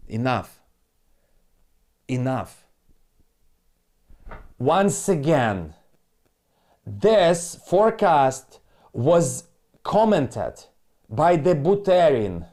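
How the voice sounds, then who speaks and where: An irritated man going over trading charts on a live stream, cursing hard and repeating himself. His English is broken and non-native. His voice sits at an average pitch for a man. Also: very animated, slow, long pauses, darkish tone. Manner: angry, profane, repetitive ranting.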